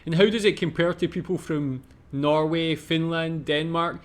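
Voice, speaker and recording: A man's voice: on the high side, fairly even intonation, moderate pace. Man asking viewers questions in a reaction video. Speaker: reaction channel host. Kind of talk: reaction commentary.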